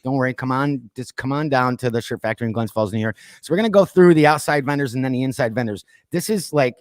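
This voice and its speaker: A man's voice: mid-range voice, fast, no room sound, studio quality. A man hosting a casual pop culture podcast, chatting loosely and reading off lists with plenty of fillers. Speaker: podcast host. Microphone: streamed call mic.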